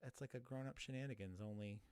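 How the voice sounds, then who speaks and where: A man's voice: medium pitch, fast talker, darkish tone, clean tone, dry recording, studio quality. A young man hosting a live podcast from home, chatting casually in a rambling way with lots of fillers. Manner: laid-back, rambling, many fillers. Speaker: podcast host.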